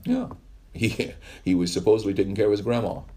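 A man's voice: fairly low pitch, sing-song, brisk, warm tone, slight background noise. A male pastor giving a conversational sermon, telling stories in a rambling way with wry asides.

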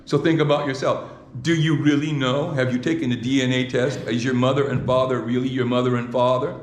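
A man's voice: mid-range voice, flat delivery, a little fast, slight background noise. A man preaching a sermon, who often repeats words and asks his listeners rhetorical questions, in a church. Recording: echoey hall with faint ambience.

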